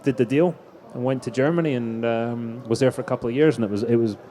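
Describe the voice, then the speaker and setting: A middle-aged man, a racing driver appearing in a live stage interview, rattles off anecdotes fast in a medium-pitched, dark-toned voice. He keeps restarting as he goes.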